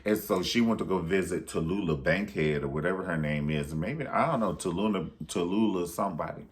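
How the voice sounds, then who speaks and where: Sassy, low-voiced man recapping a film. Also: a little fast. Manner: sassy, profane, theatrical. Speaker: film reviewer. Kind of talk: casual movie recap.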